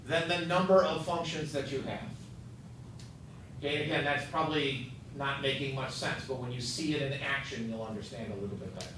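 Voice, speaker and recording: A man's voice: medium pitch, fairly quick, a bit bright, slight background noise. A male math teacher lecturing a class, quizzing students with upbeat joking asides. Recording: echoey classroom, mic far off.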